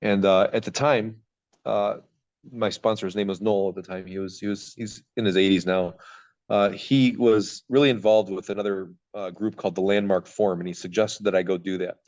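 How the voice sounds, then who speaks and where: A man's voice: deep voice, fairly even intonation, normal speed, a little mellow, lo-fi sound. A man telling his personal story as a podcast guest, in a raw, rambling way, swearing freely. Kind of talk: candid personal recovery story.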